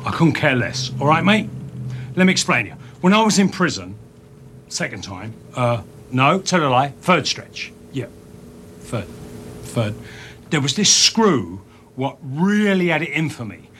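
A hard-bitten Cockney ex-convict in a film scene, cool and quietly menacing. He talks slowly in street slang, with a slightly raised pitch and a faint hiss of background noise. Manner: street slang, slow, threatening. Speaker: film character.

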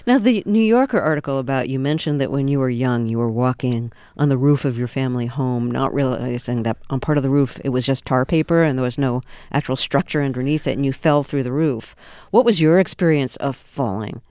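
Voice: mid-range voice, fairly quick, a little mellow, clear, resonant tone, no echo. An interviewer host asking curious questions and laughing easily.

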